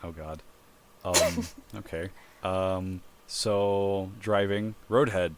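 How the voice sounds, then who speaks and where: A man co-hosting a podcast, talking in a hesitant, halting, sheepish way. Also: low-pitched, little pitch movement. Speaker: podcast co-host. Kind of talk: casual chat. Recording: noisy podcast recording.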